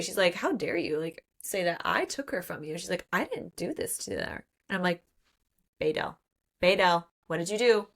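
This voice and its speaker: This book podcast co-host has a fairly bright voice on the low side. She walks through a story's plot in relaxed chat, voicing the characters' lines and sprinkling in lots of "like."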